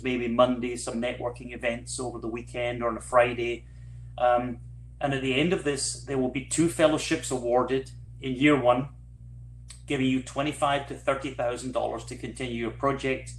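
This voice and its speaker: A man's voice: mid-range voice, reverberant, a little hiss or hum. A man with a Scottish accent giving an online talk about a fellowship program, conversational with frequent fillers. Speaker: program speaker. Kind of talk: online presentation.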